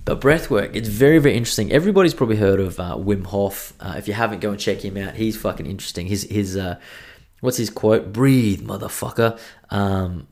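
Sweary congested bloke rambling. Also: male voice, fairly low pitch, fast, a little mellow. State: congested from a cold. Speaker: podcast host. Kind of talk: casual solo podcast chat.

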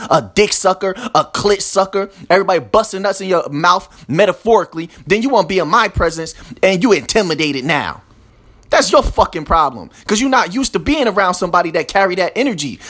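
A man's voice: high voice, fairly bright tone. A man hosting a podcast, ranting in a profane, aggressive and repetitive monologue. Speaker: podcast host.

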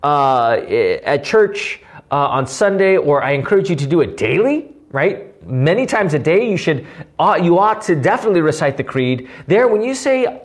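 High-voiced man preaching, earnest and animated. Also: moderate pace. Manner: earnest, animated, often asks "right?". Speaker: pastor. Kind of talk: teaching sermon.

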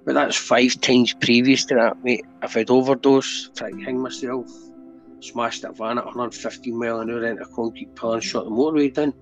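A middle-aged Scottish man, a guest on a podcast, tells his story earnestly in casual talk and keeps asking if you know what he means. His voice sits at medium pitch with fairly even intonation and a brisk pace. The candid, conversational storytelling comes through dull lo-fi audio with faint music behind it.

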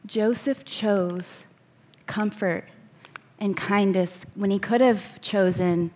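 Slow-speaking woman preaching a sermon. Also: mid-range voice, steady tone, a little mellow. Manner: reads scripture aloud, then slows to stress key words.

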